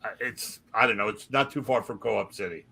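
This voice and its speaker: A man co-hosting a comedy podcast, making wry deadpan asides in casual chat. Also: on the low side, brisk, creaky, husky. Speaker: podcast co-host.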